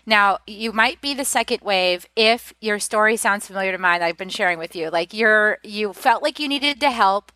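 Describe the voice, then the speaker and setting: A woman's voice: mid-range voice, moderate pace, few pauses, sharp tone, no echo. A woman guest and author speaking openly and confidingly, with many fillers, as she shares her personal story. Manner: open and confiding, many "like" fillers, acts out quoted voices.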